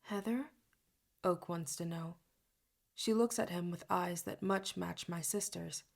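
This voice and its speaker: A woman's voice: lowish voice, fairly even intonation, unhurried, vocal fry. A woman narrating an audiobook in first person. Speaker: audiobook reader.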